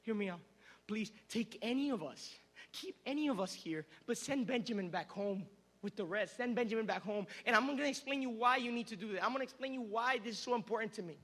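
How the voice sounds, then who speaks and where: A man's voice: high-pitched, animated, a little fast, fairly bright tone. A man acting out a desperate grown brother who pleads and repeats himself, begging for his youngest sibling.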